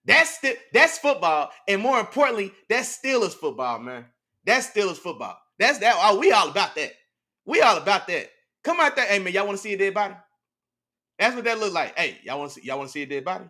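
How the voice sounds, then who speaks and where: A man hosting a casual sports talk show, animated and slangy, reacting to his live chat and breaking down plays. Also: high-pitched, a little fast. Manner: animated, slangy, repeats "you know what I'm saying". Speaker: podcast host.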